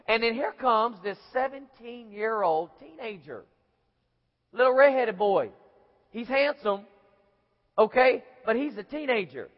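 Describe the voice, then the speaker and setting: A man preaching a sermon, dramatic and acting out voices, rising to shouts. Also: extremely high pitch, animated, a little slow, pauses often. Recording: muffled, hall reverb.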